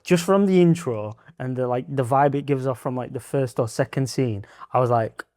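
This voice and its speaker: Animated, swearing young-sounding man. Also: mid-range voice, normal speed, no echo, studio quality. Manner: animated, swears a lot, laughs often. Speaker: podcast co-host. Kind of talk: casual chat.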